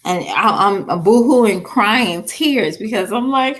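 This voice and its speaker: A woman in her thirties telling her viewers a story about her son, in a casual, animated way, laughing often and restarting words. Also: a little high, slow pace. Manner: talks straight to viewers with slang and "y'all". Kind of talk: casual story time vlog.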